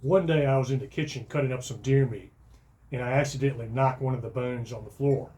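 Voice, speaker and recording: A middle-aged man with a voice of ordinary pitch reads his own funny story aloud. He keeps the telling dry and matter-of-fact, letting the events carry the humor. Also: fast talker. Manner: dry storytelling, bursts into loud shouting for quoted lines. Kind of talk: first-person comic story reading.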